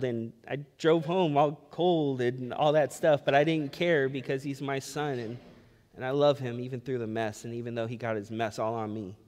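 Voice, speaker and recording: A man preaching a sermon as pastor, conversational and storytelling, building emphasis as he speaks. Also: mid-range voice.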